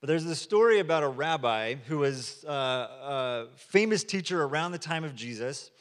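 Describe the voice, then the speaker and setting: A man's voice: fairly high pitch, lively intonation, moderate pace. Man preaching in a reverberant hall. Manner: conversational storytelling with acted quotes. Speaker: pastor. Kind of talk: sermon. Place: church sanctuary.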